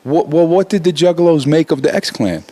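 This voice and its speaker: A fairly high, slightly breathy voice at moderate pace belongs to a man in his forties, a rapper being interviewed, who curses freely and keeps restarting sentences as he gets fired up.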